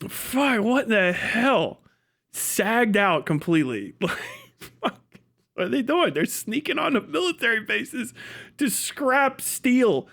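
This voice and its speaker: A man's voice: sits high, a bit bright. A man streaming live, chatting casually, riffing crude jokes with lots of swearing and laughter. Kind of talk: casual livestream chat.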